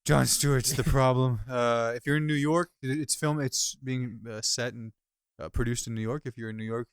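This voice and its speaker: A man's voice: medium pitch, normal speed, smooth, no echo, clean studio sound. Laughing, story-telling podcast man. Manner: animated storyteller, laughs often. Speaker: podcast co-host. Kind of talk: casual chat. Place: Midwest.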